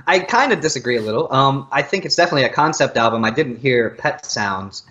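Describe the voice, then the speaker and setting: A man's voice: medium pitch, expressive, a little fast, sharp tone, highs cut off. A man co-hosting a casual album-review chat over a remote call, with a dry, teasing humor. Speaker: podcast co-host.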